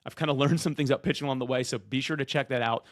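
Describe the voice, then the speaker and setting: A man who talks loud and fast, coaching people on being podcast guests in an energetic, direct-to-camera way, often acting out what guests and hosts say. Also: mid-range voice, no echo, studio quality.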